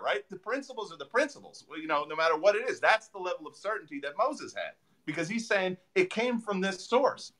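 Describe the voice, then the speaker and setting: Bright-voiced, animated male chiropractor. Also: high voice, fairly quick, hardly any pauses. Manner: animated storytelling with frequent fillers. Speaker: chiropractor guest. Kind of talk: interview answers.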